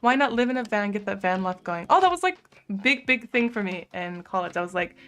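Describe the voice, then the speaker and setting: A young American woman chats casually on her live stream, reading out viewer messages and answering them. She talks freely and fills her sentences with "like", with easy laughs mixed in. Soft music plays faintly behind her. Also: medium pitch, lively intonation, fairly quick. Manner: chatty, fills speech with "like", laughs often. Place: home streaming room.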